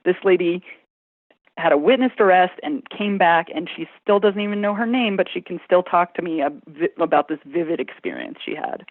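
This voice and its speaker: A woman's voice: lowish voice, moderate pace, no room sound. A woman, an emergency room nurse, telling stories in a casual conversation and laughing often. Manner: laughs often, animated storytelling. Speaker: ER nurse guest. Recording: phone-like remote audio.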